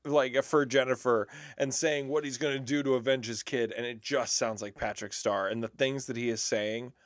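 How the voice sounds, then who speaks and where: A man co-hosting a podcast, chatting casually about movies in an animated way and laughing often. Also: mid-range voice, no echo, clean studio sound. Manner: animated, laughs often, slips into quick impressions. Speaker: podcast co-host. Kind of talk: casual movie commentary chat.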